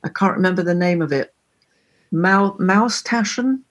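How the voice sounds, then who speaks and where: A woman, a singer-songwriter guest, chatting casually in an interview and telling lively stories with frequent laughs. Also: on the low side, measured pace. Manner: lively storyteller, laughs often.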